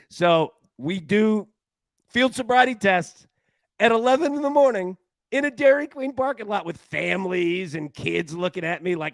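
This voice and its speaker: A man hosting a sports betting talk show, chatting casually with a voice that jumps up and down in pitch. He tells stories in an animated, rambling way, often restarting mid-sentence. The sound is dry and close. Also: moderate pace, no echo. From Tennessee. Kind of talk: casual chat.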